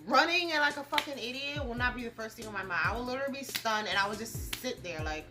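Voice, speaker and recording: A woman's voice: fairly high pitch, quick pace, music in the background. A young woman vlogging casually while doing her makeup, blunt and profane, full of slang and "like". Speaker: beauty and gossip vlogger.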